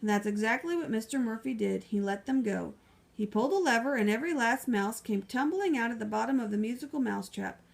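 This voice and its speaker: A woman narrating a children's book in a lively, expressive storytelling manner. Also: on the high side, brisk, vocal fry. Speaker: audiobook reader.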